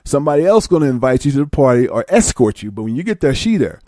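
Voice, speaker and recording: A man's voice: mid-range voice, big pitch swings, quick pace, warm tone, no room sound, clean studio sound. A man telling a story in a casual, blunt and profane way, slipping into voices. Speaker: vlogger.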